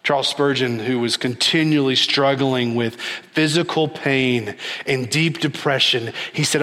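A man preaching a sermon, with a dramatic delivery that rises and falls and slows down for emphasis. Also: mid-range voice, steady tone, bright, forceful tone. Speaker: pastor. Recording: long hall reverb.

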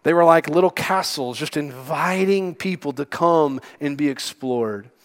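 A man preaching a sermon as pastor, emphatic and sometimes dropping to a hush. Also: fairly high pitch, unhurried. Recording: long hall reverb.

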